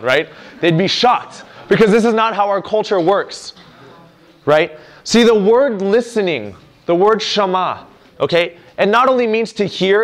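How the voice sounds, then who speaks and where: A young adult man giving a lively youth sermon, acting out parents and children in quoted lines. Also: a little high, moderate pace. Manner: animated, acts out quoted lines. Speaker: youth speaker.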